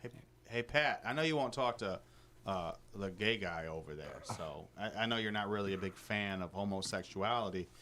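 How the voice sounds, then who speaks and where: A man's voice: lowish voice, lively intonation, moderate pace, sharp tone, a little hiss or hum. A man co-hosting a comedy talk radio show, teasing and goading crudely. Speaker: radio co-host. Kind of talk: casual comedic radio banter.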